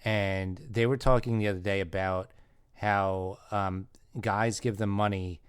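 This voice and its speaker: A man's voice: on the low side, steady tone, unhurried, clean tone, dry recording. A man co-hosting a podcast, telling stories in a laid-back, dry way during casual banter. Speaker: podcast co-host.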